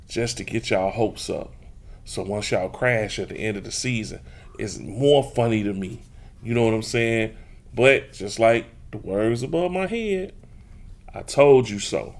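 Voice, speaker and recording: A man hosts a casual sports talk show. He teases and brags at rival fans, talking straight to the listeners at a medium pitch. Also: creaky, fairly bright tone. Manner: teasing, boastful, talks straight to listeners. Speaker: podcast host.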